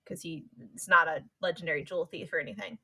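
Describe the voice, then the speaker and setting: A woman in her thirties co-hosting a podcast, chatting casually through an episode recap. Her voice is bright and forward. She keeps dropping into quick impressions of the characters while she tells the story. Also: low voice, breathy edge. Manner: animated retelling that acts out the characters' lines. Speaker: podcast co-host.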